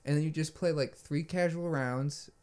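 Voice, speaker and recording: In casual podcast chat, a young male co-host with a clear, resonant, somewhat high voice talks at a moderate pace. His story rambles, full of fillers, frequent swearing and animated quotes.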